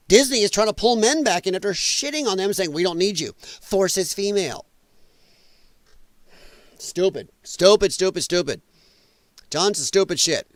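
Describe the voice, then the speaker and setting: A man's voice: sits high, fairly bright tone, no room sound. Sarcastic, profane man ranting on stream. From American Midwest. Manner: profane, sarcastic, mocking mimicry of others. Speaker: host of a political commentary stream. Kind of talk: ranting commentary.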